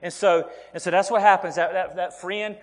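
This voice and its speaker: A man's voice: high-pitched, fairly even intonation, moderate pace. A man preaching a sermon as pastor, earnest and repeating words as he presses his points, calling the listeners folks. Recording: long hall reverb.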